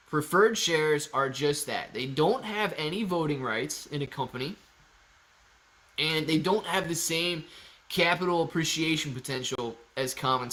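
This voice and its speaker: A man's voice: medium pitch, fairly bright tone. A man hosting a casual live stream about stocks, reading viewer messages and answering them in an upbeat, chatty way. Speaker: livestream host answering viewer chat. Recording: home livestream setup.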